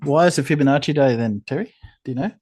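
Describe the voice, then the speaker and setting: Husky man running a quiz. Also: medium pitch, fast, a little mellow, no echo. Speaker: quizmaster on an online chat show. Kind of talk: casual group banter.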